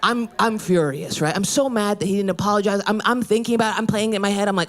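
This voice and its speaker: A woman in her thirties doing a brash, profane stand-up set on a club stage, swinging her pitch wildly when she quotes people. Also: quick pace, few pauses. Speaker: stand-up comedian. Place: comedy club stage before a laughing audience. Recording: live room with loud crowd laughter.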